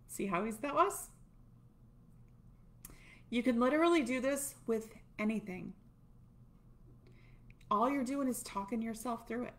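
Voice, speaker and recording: Unhurried and pausing often, a middle-aged tapping coach whose voice sits on the high side walks viewers through a tapping routine. Her casual instruction is chatty, and she teases herself while demonstrating.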